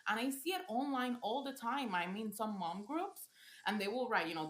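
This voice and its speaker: A woman's voice: a little high, animated, normal speed. Woman parent coach, casual podcast talk, earnest, restarts phrases often, roomy echoey recording. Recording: roomy echo.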